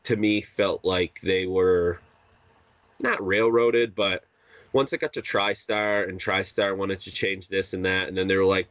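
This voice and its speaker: Guy rambling on a podcast, kinda low voice, um and uh everywhere, dry muffled lo-fi audio. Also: steady tone, unhurried, a bit bright, no room sound. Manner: rambling, full of fillers and restarts. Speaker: podcast co-host. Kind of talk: casual chat. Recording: dull lo-fi sound, dry.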